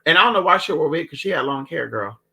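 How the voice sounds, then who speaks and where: A man telling family stories in a casual chat, animated and profane. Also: fairly high pitch, rapid-fire, creaky, slightly rough. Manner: animated, profane, dramatic, calls listeners girl. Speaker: storyteller.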